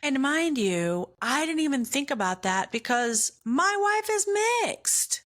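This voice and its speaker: A woman's voice: high-pitched, big pitch swings, a bit bright. A woman hosting a faith-based comedy podcast, telling a self-deprecating personal story and laughing at herself. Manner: acts out other people's lines in quick put-on voices. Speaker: podcast host.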